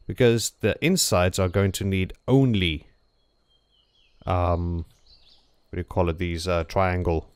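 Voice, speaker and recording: Male gameplay host, slightly low voice, casual joking explainer, dry close-mic sound. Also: clean tone, dry recording. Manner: chatty, jokey, explains step by step with frequent "okay?".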